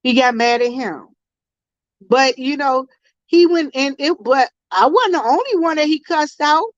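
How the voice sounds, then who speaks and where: Brief: woman, high voice, animated live-stream host, dry dull lo-fi sound. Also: a little slow, no echo. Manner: animated, greets chat viewers mid-story. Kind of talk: casual live-stream storytelling. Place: convenience store.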